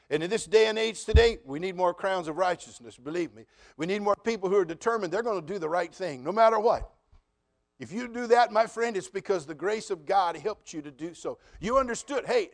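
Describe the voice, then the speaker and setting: A middle-aged man preaching a sermon as pastor, telling stories and asking the congregation questions, rising to emphatic repeated phrases. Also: high-pitched. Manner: addresses congregation directly with questions.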